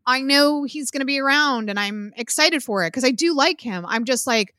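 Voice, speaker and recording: Chatty, bright-voiced woman co-host. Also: sits high, expressive, moderate pace, no echo. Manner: chatty, opinionated, frequent "like" and "um". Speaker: podcast co-host. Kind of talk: casual chat.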